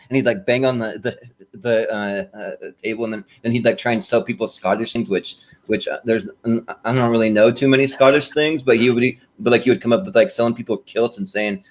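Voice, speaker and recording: A man's voice: lowish voice, fairly even intonation, a little fast. A man co-hosting a podcast in casual chat, rambling with many fillers and restarts. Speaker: podcast co-host.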